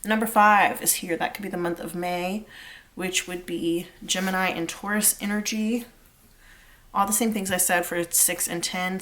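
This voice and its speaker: A woman's voice: fairly low pitch, a bit bright. Chatty woman doing a tarot reading. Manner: chatty and rambling, many fillers, sings snatches of lyrics. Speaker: tarot reader. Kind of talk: pick-a-card tarot reading.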